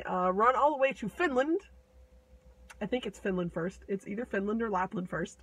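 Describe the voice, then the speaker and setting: A woman casually retelling a fairy tale with playful asides and quick voices for the characters. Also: medium pitch, rough recording. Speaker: storyteller.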